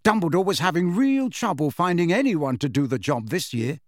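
A man's voice: fairly high pitch, lively intonation, normal speed, no echo, studio quality, voice pushed up, natural voice. A man reading an audiobook, voicing a cheeky teenage twin boy who teases in a breezy, mocking way. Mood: teasing.

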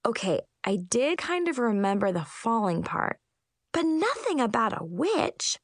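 A woman narrating a first-person storybook in an expressive, comic way. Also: on the high side, measured pace, no echo, studio quality. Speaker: audiobook narrator.

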